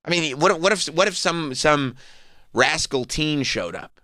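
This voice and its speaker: A man's voice: a little high, unhurried, no echo. A man with a New York accent hosting a radio show, joking around in casual studio banter. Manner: joking, animated, breaks into laughter.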